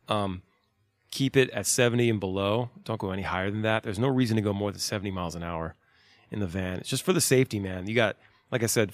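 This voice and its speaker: A man's voice: lowish voice, no echo. A man in his thirties, a touring musician, giving laid-back, profane, rambling advice in casual talk.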